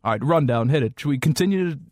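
A man's voice: medium pitch, expressive, very fast, a little mellow, no echo, studio quality. A man co-hosting a talk radio show, chatting in a wry, self-mocking way. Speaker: radio co-host. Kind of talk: casual talk radio banter. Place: radio studio. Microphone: studio microphone.

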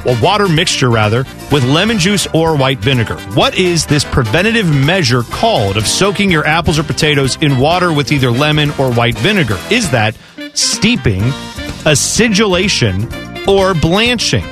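A man co-hosting a sports radio show, bantering, ranting fast and reading quiz questions. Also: a little high, music in the background. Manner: animated, ranting, fast asides. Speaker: radio co-host.

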